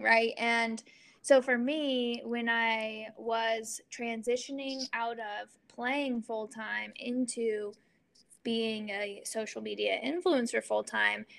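Woman, 20s, from Oregon, interview guest, upbeat chatty, slightly high, gravelly fry. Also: fairly bright tone. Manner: chatty and upbeat, laughs often, quick asides. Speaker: guest, golfer and social media influencer. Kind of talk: casual interview chat.

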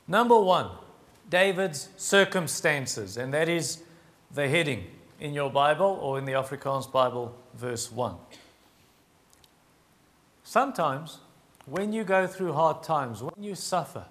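A man preaching a sermon, earnest and emphatic, slowing down to stress key phrases. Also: on the high side, animated. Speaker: pastor.

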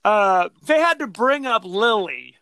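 A man co-hosting a podcast, chatting casually about a film and acting out scenes in quick mock voices. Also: sits high, big pitch swings, bright, forceful tone, clean tone, dry recording. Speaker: podcast co-host. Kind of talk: casual movie discussion.

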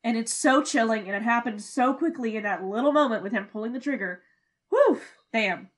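A young woman co-hosting a podcast in casual chat, animated, laughing often and swearing freely. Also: on the high side, fairly quick. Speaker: podcast co-host.

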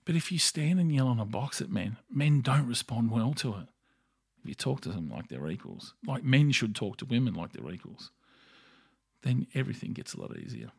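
This is a middle-aged Australian man ranting his opinions on a solo podcast, bluntly and with plenty of swearing. His voice is gravelly and a bit husky. The sound is dry and close, with no room echo. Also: mid-range voice, very animated, normal speed, darkish tone. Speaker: podcast host.

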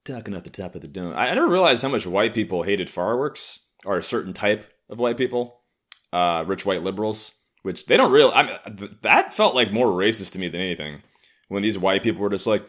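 A man's voice: on the low side, lively intonation, a little fast, a bit bright. A young American man talking off the cuff in a provocative, sarcastic, rambling comedic monologue. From United States. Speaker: solo vlogger.

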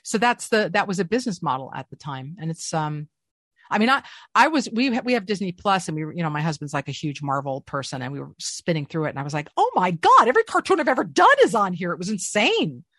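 Middle-aged voice actress guest, low-ish, very expressive storyteller, dry close mic. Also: female voice, fast, no room sound. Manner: animated storyteller with lively swings in pitch. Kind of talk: casual interview chat.

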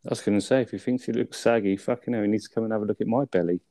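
A man's voice: on the low side, steady tone, rapid-fire, warm tone, dry recording. A man co-hosting a casual film review chat, laid-back and full of tag questions. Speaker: film review podcast co-host.

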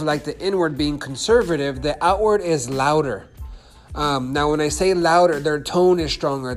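A man teaching a lesson on persuasion and sales. He talks in a loose, repetitive way and keeps checking in with "okay?" and "right?". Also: on the high side. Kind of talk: instructional talk.

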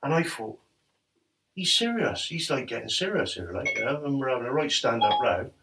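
A man's voice: medium pitch, normal speed. Laughing man telling stories. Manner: laughs often, animated anecdotes, quotes others. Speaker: former footballer telling stories. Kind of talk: casual storytelling chat. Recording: distant mic with faint noise.

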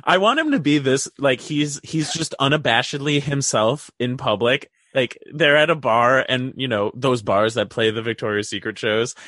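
A man's voice: mid-range voice, normal speed, few pauses, no echo, studio quality. A man co-hosting a podcast in casual chat, retelling scenes and acting out the lines. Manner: animated storyteller who acts out quotes.

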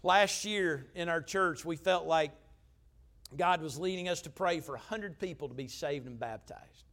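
A pastor delivers a storytelling sermon in a slightly high voice at a moderate pace. His style is emphatic and conversational, swinging between loud and quiet.

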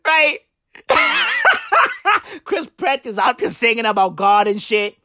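A woman's voice: medium pitch, expressive, normal speed, fairly bright tone, no room sound, clean studio sound. A woman delivering an improvised comic monologue, crude, profane and rambling, with slangy, brash talk and a catchphrase she keeps repeating.

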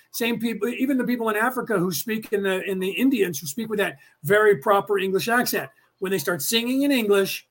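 Rambling high-voiced American man. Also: a bit bright. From United States. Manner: rambling, full of fillers and restarts, opinionated. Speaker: podcast host and class teacher. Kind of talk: casual rambling lecture.

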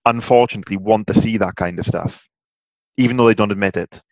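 A man's voice: fairly low pitch, fast, dry recording, lo-fi sound. A man in casual podcast chat, telling rambling stories and chuckling often.

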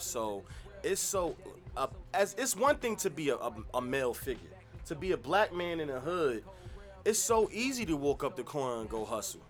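A man co-hosting a podcast in casual chat, slangy and emphatic, who steers the talk with questions. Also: medium pitch. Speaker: podcast co-host.

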